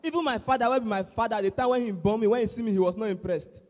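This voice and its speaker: A man with a Nigerian accent doing loud, animated stand-up comedy at a church service, acting out his exchanges with a pastor. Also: sits high, fast talker, faint music behind. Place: large church auditorium. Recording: echoey hall with long reverb.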